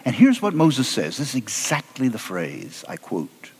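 A man preaching a sermon as an animated, humorous storyteller with a conversational delivery. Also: mid-range voice, a little slow, hardly any pauses, husky, in a large hall.

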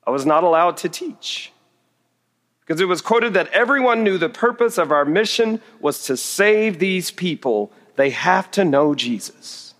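A middle-aged male preacher with a fairly high voice, spinning a story with wry, self-deprecating humor. His words carry a long echo through a large hall. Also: expressive, unhurried, fairly bright tone. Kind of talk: storytelling sermon. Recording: reverberant hall.

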